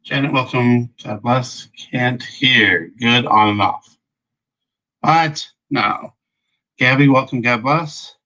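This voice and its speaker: A man hosting a casual livestream, rambling as he checks his audio, greets viewers by name and often clears his throat. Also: mid-range voice, slow, sharp tone, rough recording. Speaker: livestream host.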